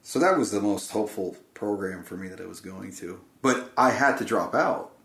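Halting, earnest man in a roomy echo. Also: fairly low pitch, lively intonation, gravelly, a bit bright. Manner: halting, repeats words, earnest. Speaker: podcast guest. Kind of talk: reflective casual conversation.

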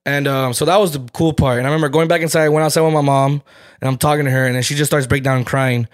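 A man's voice: mid-range voice, fairly even intonation, racing. Young guy cohosting a podcast, opening up about family stuff, cusses a lot. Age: 20s. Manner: candid storytelling, heavy swearing. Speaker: podcast co-host. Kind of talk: casual chat.

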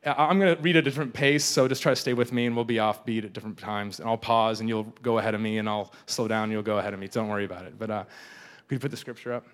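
A man's voice: fairly low pitch, fairly even intonation, very fast. A young adult man preaching a casual, joking sermon, often repeating and restarting his words. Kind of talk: conversational sermon.

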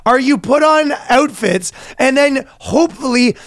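A man's voice: very high-pitched, expressive, measured pace, gravelly, a bit bright, dry recording, clean studio sound. A man co-hosting a comedy podcast, chatting casually in a rambling, profane, joking way. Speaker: podcast co-host.

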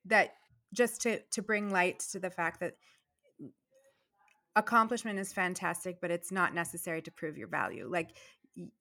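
Middle-aged woman guest, bright tone, lively storyteller who wanders off on tangents. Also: lowish voice, normal speed, creaky, long pauses. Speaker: guest, dentist and entrepreneur. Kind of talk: casual interview conversation.

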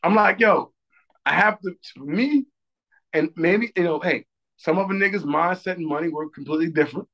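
A man's voice: high-pitched, moderate pace, a bit bright, lo-fi sound. A man co-hosting a podcast, telling a story in casual, profane chat and acting out other people's lines with lots of energy. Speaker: podcast co-host.

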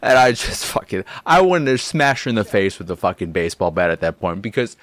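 A young man rants through a game review, swearing freely and dripping with sarcasm. His fairly low voice swings widely in pitch, and the sound is dry and close. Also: very animated, brisk, a bit bright, no echo. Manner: profane, sarcastic, exasperated. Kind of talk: casual ranting review.

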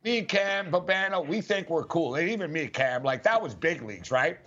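Man, sports talk host, high-ish voice, animated storyteller, muffled lo-fi recording. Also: fairly quick. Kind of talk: casual storytelling chat. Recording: dull lo-fi audio.

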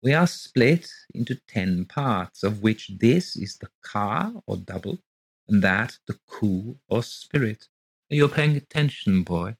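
A man reading aloud, voicing a sinister middle-aged male lodger in a slow, measured, ominous way. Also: fairly low pitch, animated, gravelly, breathy edge, dry recording, full character voice, rough recording.

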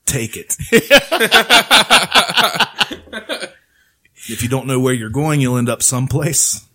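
A man's voice: mid-range voice, animated, drawn-out words, pushed and bright, breathy edge. A man co-hosting a casual comedy chat, joking, laughing often and swearing freely. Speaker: podcast co-host.

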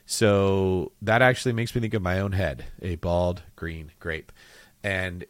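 Low-voiced man hosting a podcast. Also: fairly even intonation, measured pace, no echo. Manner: conversational, joking asides. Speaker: podcast host. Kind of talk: casual podcast advice talk.

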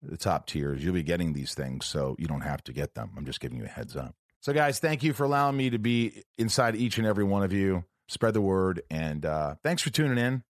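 A man's voice: low voice, a little fast, few pauses, dry recording, clean studio sound. A man hosting his own podcast alone, chatting in a rambling, jokey way. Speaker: podcast host. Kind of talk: casual solo podcast chat.

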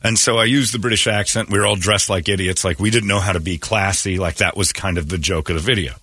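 A man hosting a morning radio show, chatting casually and ranting in a mocking, animated way, often laughing. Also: deep voice, fast, breathy edge, no echo, studio quality. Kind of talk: casual on-air banter.

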